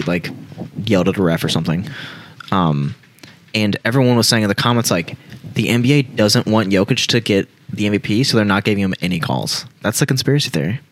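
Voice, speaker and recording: A man's voice: on the low side, no echo. A young man co-hosting a casual sports podcast, laid-back and chatty. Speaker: podcast co-host and editor.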